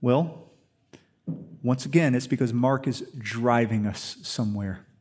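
A man's voice: medium pitch, measured pace, darkish tone, breathy edge. A man preaching a sermon in an emphatic storytelling way, full of rhetorical questions. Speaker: pastor.

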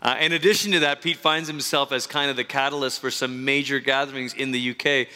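Guy pastor introducing a guest at church, bright voice, lots of um and uh, big hall echo. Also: mid-range voice, fairly even intonation, brisk, clean tone. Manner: warm enthusiastic praise, frequent fillers and restarts. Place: church service.

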